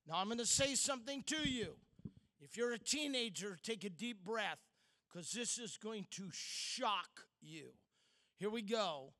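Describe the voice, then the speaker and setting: Male speaker, middle-aged, sermon storytelling. Unhurried and bright-toned, with dramatic pauses. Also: high voice, lively intonation. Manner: storytelling, dramatic pauses, swings from loud to hushed.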